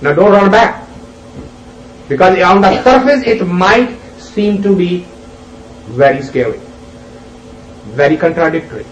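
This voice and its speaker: An unhurried male spiritual teacher tells a parable and keeps asking his listeners questions. His voice sits a little high for a man. It sounds roomy and far from the mic, with a dull, lo-fi tone. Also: expressive, a little hiss or hum. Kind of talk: spiritual discourse with storytelling. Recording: roomy, distant, dull lo-fi recording.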